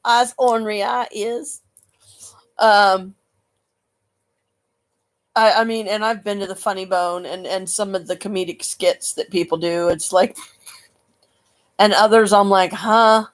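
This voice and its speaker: A woman's voice: mid-range voice, fairly even intonation, unhurried, pauses often. A woman chatting in a rambling vlog monologue, laughing often and cursing with folksy slang, recorded on a computer webcam.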